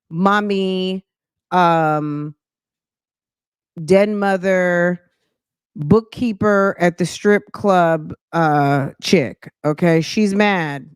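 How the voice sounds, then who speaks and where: A woman's voice: on the low side, clear, resonant tone, no echo, studio quality. A woman from New Jersey hosting a reaction channel, chatting casually with sassy, judgy asides. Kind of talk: casual commentary.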